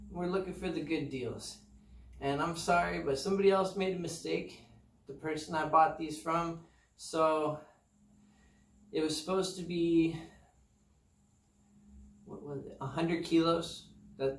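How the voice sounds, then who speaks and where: A relaxed man with a drawl, his voice sitting a little high, chats in a meandering, self-mocking way. The sound is roomy and echoing. He is heard from a distance, as if the mic sits across his apartment gym. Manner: laid-back, meandering, self-deprecating. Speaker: fitness vlogger. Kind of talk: casual rambling chat.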